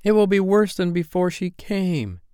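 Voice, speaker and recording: A man doing a pack of panicky little storybook boys making threats, high and loud, their voices jumping about. Dry, close sound. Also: lively intonation, a little slow, clear, resonant tone, dry recording. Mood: clamoring. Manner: threatening, clamoring.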